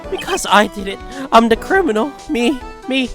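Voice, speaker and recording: A man's voice: very animated, normal speed. A man voicing a jittery, stammering young man eager to be found guilty, over game music. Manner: nervous, stammering, high-strung.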